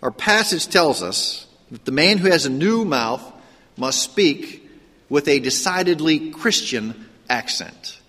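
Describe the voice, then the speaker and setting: A pastor with a faint Pittsburgh accent gives a sermon in a church sanctuary. His voice sits a little high for a man, and he talks in an easy, conversational way, asking his listeners question after question. A long reverb from the hall trails after each phrase. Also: lively intonation, takes it slowly, bright, forceful tone, husky. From Pittsburgh, Pennsylvania. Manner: conversational preaching, frequent rhetorical questions and restarts.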